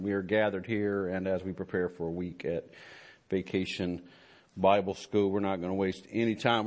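A man preaching a sermon as pastor of a church, halting with many fillers and restarts, then building to emphatic fervor. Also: on the low side.

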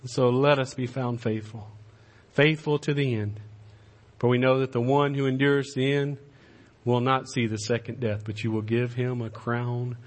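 A man preaching a sermon in a church, swinging from impassioned raised-voice exhortation to soft, pleading appeals. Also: medium pitch, level tone, normal speed. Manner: impassioned preaching, shouting at climaxes then dropping to a soft plea. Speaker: pastor. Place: church sanctuary.

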